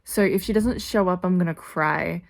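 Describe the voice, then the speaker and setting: A young adult woman rambling excitedly in a casual reaction vlog, gushing over a TV series. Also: on the low side, moderate pace, creaky.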